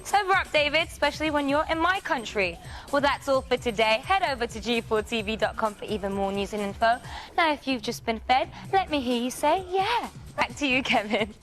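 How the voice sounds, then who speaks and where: A woman's voice: on the high side, brisk, a bit bright, faint music behind. A woman with a British accent hosting a scripted entertainment news segment in a cheeky, playful way. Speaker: TV news host.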